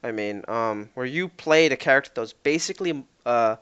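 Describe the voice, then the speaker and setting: A man's voice: mid-range voice, animated, moderate pace, fairly bright tone, smooth. A man co-hosting a casual podcast, rambling and correcting himself as he acts out what players say. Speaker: podcast co-host. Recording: dull lo-fi podcast mic.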